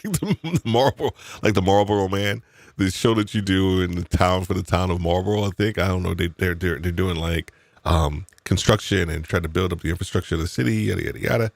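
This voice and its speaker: A man from New York chatting on a live podcast, rambling and animated, often restarting his sentences and laughing. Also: sits low, no room sound. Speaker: podcast co-host. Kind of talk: casual live podcast chat.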